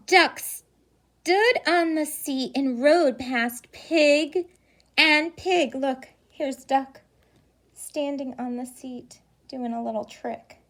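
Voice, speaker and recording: A preschool teacher reading a picture book aloud to young children, pausing for gasps and questions along the way. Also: female voice, high voice. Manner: animated storytelling with gasps and questions.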